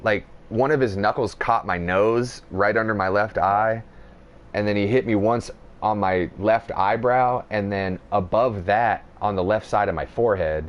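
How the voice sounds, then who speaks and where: A young man hosting a podcast, telling a rambling, profane story in casual chat. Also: fairly low pitch. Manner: profane, rambling, animated retelling. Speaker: podcast host.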